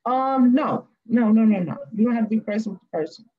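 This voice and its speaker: A woman with a Cajun accent hosting a casual live stream, rambling in a folksy way with drawn-out fillers. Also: on the high side, narrow, tinny audio. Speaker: live-stream host reading cards.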